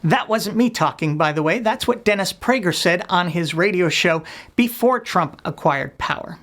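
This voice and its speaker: A woman's voice: fairly low pitch, lively intonation, moderate pace, a bit bright. A woman hosting a web show, delivering a scripted satirical rant in a sarcastic, scornful, blunt manner. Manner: blunt, profane.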